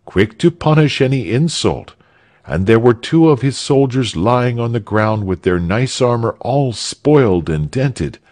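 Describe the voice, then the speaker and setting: A man reading a story aloud for English learners, slowly, clearly and expressively. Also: on the low side, darkish tone. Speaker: narrator.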